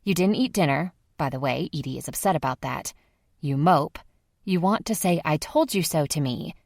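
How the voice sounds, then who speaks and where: A woman's voice: deep voice, lively intonation, moderate pace, creaky, darkish tone, no room sound, clean studio sound, heavily acted. A woman playing a blunt teasing woman. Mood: pressing. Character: blunt, teasing adult woman, the narrator's younger self in scenes.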